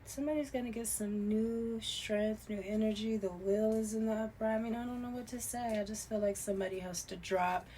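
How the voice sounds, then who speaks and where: A woman giving a loose, conversational tarot reading, swearing casually and swinging from soft murmurs to loud, emphatic bursts. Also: on the high side, fairly even intonation, fairly quick, hardly any pauses, a little hiss or hum. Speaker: tarot reader.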